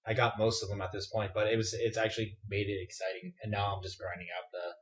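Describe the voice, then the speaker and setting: A man's voice: fairly low pitch, level tone, quick pace. A young man chatting casually on a podcast in a laid-back, self-mocking way. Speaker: podcast co-host. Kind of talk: casual chat.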